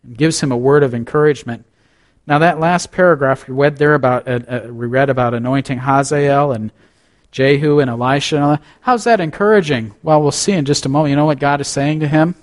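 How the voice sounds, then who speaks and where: With a medium-pitched voice and a brisk pace, this pastor delivers a sermon, giving scripture readings full of dramatic rises and falls and slipping in casual asides.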